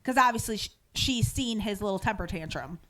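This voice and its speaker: A woman's voice: medium pitch, lively intonation, brisk, fairly bright tone, a little hiss or hum. A woman podcast host in a casual recap chat, retelling scenes with lots of fillers and acting out the quoted lines. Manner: frequent "um" and "like" fillers, casual swearing.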